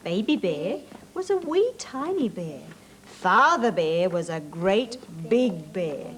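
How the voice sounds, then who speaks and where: Animated Australian woman telling a story to kids. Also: mid-range voice, slow. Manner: animated, questioning, coaxing. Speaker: children's TV presenter. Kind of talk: storytelling to young children. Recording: hissy old 1980s TV tape.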